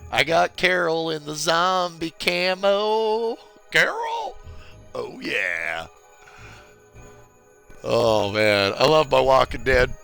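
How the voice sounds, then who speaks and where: A man's voice: a little high, animated, slow, vocal fry, fairly bright tone, clear, resonant tone, soft background music. A man from California chatting casually with viewers while playing through a game walkthrough on a live stream. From California, USA. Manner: chatty, rambling, greets viewers. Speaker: gameplay streamer.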